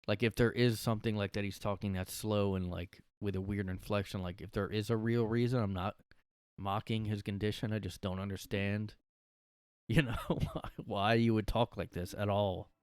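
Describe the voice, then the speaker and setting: Rambling man, smooth dry low voice. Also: fairly even intonation, moderate pace, dry recording. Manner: rambling with many fillers. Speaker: podcast host. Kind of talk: casual solo podcast.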